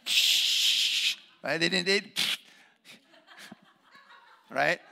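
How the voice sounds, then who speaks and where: A man preaching a sermon, emphatic, swinging between loud bursts and hushed asides. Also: on the high side, sing-song, unhurried.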